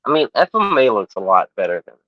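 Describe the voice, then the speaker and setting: A man's voice: mid-range voice, very animated, fast, no room sound, muffled recording. A man co-hosting a casual podcast chat, hesitant and rambling with many fillers. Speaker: podcast co-host.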